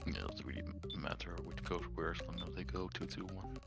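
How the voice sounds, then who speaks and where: A man's voice: low voice, fast, creaky, music in the background. A young man streaming a game with a friend, laying out the plan step by step and chuckling along. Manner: explains plans step by step, chuckles. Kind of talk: casual let's-play chat.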